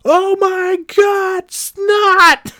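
A man voicing a stern older woman playground monitor who yells at a child in a shrill, very high voice. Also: flat delivery, drawn-out words, dry recording, clean studio sound, full character voice. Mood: shrill, scolding. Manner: yelling, shrieking high.

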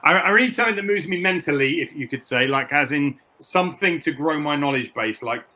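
A man's voice: fairly high pitch, animated, fairly quick, bright, forceful tone. A middle-aged man from the United Kingdom, a personal trainer, talking reflectively in a candid interview, often repeating words and restarting sentences.

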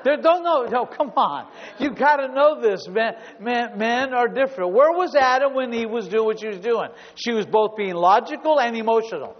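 Man, middle-aged, pastor, humorous sermon, high voice, long church reverb. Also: lively intonation, moderate pace, few pauses. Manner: humorous, acts out little scenes in asides. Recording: dull sound with long hall reverb.

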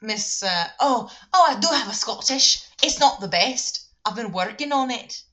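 A woman's voice: fairly high pitch, lively intonation, moderate pace, fairly bright tone. Chatty woman with plenty of fillers. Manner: chatty, many fillers, laughs easily. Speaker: book club podcast co-host. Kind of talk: casual chat.

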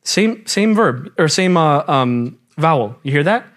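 A young man teaching a Quran class in a lively, casual way, quizzing his students as he goes. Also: a little high, measured pace. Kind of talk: classroom lecture.

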